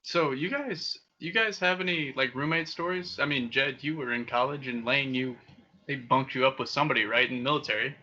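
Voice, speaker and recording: A young man with a very bright, forward voice tells crude stories and laughs a lot. He is co-hosting a casual podcast. The recording sounds dull and lo-fi. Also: mid-range voice, a little fast. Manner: crude, storytelling, laughs often. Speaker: podcast co-host. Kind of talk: casual chat. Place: Okinawa.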